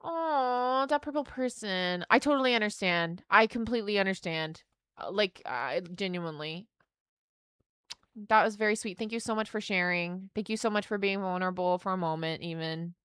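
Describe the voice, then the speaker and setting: A young woman streaming, chatting casually and excitedly as she opens trading cards and speaks warmly to her chat. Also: mid-range voice, normal speed, clear, resonant tone, no room sound, studio quality. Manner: excitable, gasps and squeals at good pulls, earnest and affectionate to chat.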